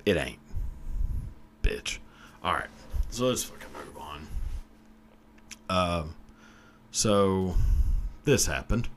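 A man with a low, deep voice hosts a podcast alone, ranting about movies with plenty of swearing. His pitch jumps around a lot as he punches his points. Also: very animated, very slow, pauses often, a little hiss or hum. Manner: profane, ranting, emphatic. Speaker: podcast host. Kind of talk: casual solo commentary.

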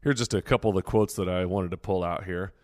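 A man hosting a podcast, speaking in a relaxed, affirming way and often giving short agreeing replies. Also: deep voice, fast, no room sound, clean studio sound. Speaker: podcast host. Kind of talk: casual podcast interview.

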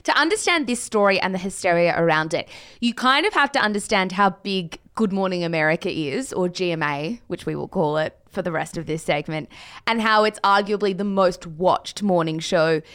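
A woman co-hosting a podcast, wry and lively in casual chat. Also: lowish voice, moderate pace. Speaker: podcast co-host.

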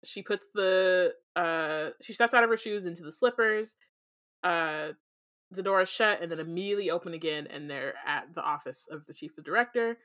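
A woman reads a storybook aloud on a casual podcast, filling the pauses with ums and laughing easily. Her voice is bright and forceful, with a somewhat low pitch. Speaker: podcast co-host reading a book aloud. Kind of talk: casual book chat with read-aloud.

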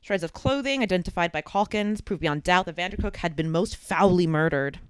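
Smooth-voiced woman telling a true-crime story. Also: on the low side, fairly quick, no room sound. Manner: lively storyteller, acts out quoted voices. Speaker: podcast co-host. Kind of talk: casual storytelling chat.

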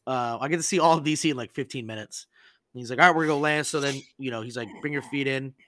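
A man hosting a podcast, telling stories in a casual, animated and profane way and acting out the people he quotes. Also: medium pitch, racing, a little hiss or hum. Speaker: podcast host. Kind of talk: casual storytelling chat.

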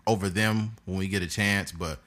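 A man's voice: sits low, steady tone, normal speed, fairly bright tone. A man, hosting a podcast and telling a crude story in casual chat, laughing often. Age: 30s. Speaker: podcast host.

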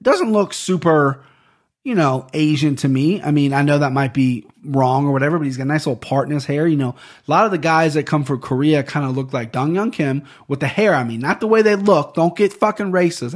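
With a fairly high, animated voice and a slightly quick pace, a young man hosts a relaxed fight-picks betting podcast from his desk microphone. He rambles, drops swear words, and tangles up names.

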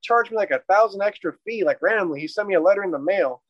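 A man casually retelling a personal story in a rambling, profane, animated way. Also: high-pitched, fast, no room sound. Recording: dry, dull lo-fi audio.

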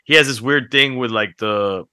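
A man on a podcast, co-hosting and telling stories in a casual, animated way that breaks into laughter. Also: mid-range voice, moderate pace, clean tone, dry recording, studio quality. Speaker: podcast co-host. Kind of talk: casual chat, storytelling.

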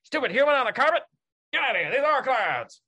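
A man's voice: very high-pitched, sing-song, quick pace, husky, highs cut off, pitched above the performer's own voice, exaggerated voice. A man voicing an aggressive, sneering dolphin in a comic spoken story. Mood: hostile. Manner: shouting, sneering. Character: aggressive mocking dolphin gang member.

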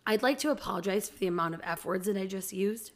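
A woman's voice: medium pitch, fast. Blunt, foul-mouthed woman telling a story. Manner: blunt, swears freely, animated storyteller. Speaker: podcast co-host and mother. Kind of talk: casual chat.

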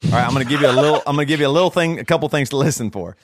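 A man's voice: mid-range voice, rapid-fire, a little hiss or hum. A man talking as a podcast guest about his young kids in a loose, casual way, laughing often and restarting his sentences. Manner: animated, laughs often, repeats words while restarting. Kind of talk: casual conversational chat.

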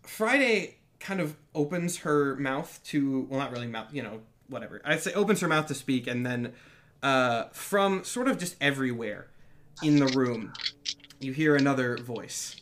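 A man's voice: medium pitch, lively intonation, normal speed, fairly bright tone. Laughing man running a tabletop game. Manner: loose, hedging narration, laughs often. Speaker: dungeon master.

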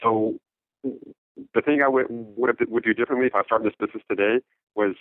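A man answering interview questions in casual talk, halting, with many fillers and restarts, heard over a phone line. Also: mid-range voice, steady tone, dry recording. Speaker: interview guest, note investor.

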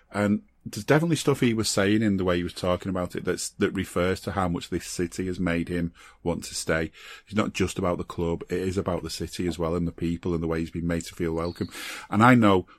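A man co-hosting a podcast in quick, emphatic casual chat. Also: low-pitched, dry recording. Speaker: podcast co-host.

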